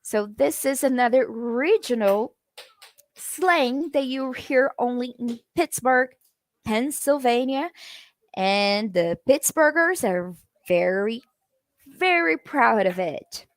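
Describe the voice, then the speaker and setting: Slow, chatty woman teaching English. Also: fairly high pitch, animated, dry recording. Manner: chatty, addresses viewers in the comments. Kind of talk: live-streamed language lesson.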